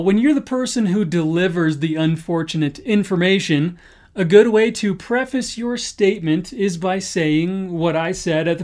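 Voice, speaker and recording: A man's voice: high voice, darkish tone. A young man teaching a casual English lesson, playfully acting out example phrases.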